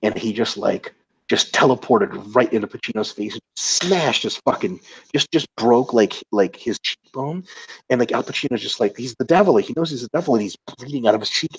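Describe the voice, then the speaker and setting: A man's voice: medium pitch, a little fast, breathy edge, rough recording. A man co-hosting a casual webinar chat, a laid-back, rambling storyteller. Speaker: co-host.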